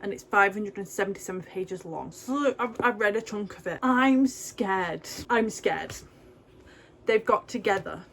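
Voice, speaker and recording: British woman, young adult, casual vlog chat, medium pitch, faint background noise. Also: brisk, hardly any pauses, a bit bright. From Britain. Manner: chatty, gushing, rambling asides. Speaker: book vlogger. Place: home, indoors.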